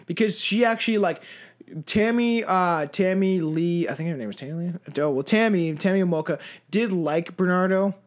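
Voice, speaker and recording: A man's voice: high voice, moderate pace. A man hosting a casual true-crime chat, swearing freely and rambling through frequent restarts. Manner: profane, rambling, restarts often. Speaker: podcast host.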